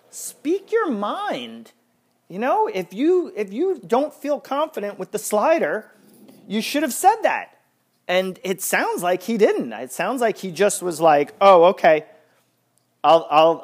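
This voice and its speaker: Exasperated and ranting, a man hosting a sports podcast chats informally, tripping over himself and restarting sentences. His delivery is animated, with pitch rising and falling widely.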